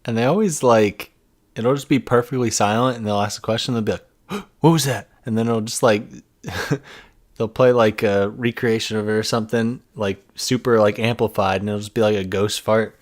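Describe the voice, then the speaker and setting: A man's voice: lowish voice, fairly even intonation, moderate pace. A man co-hosting a casual podcast, teasing and wry, acting out quotes with gasps. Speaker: podcast co-host. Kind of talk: casual chat.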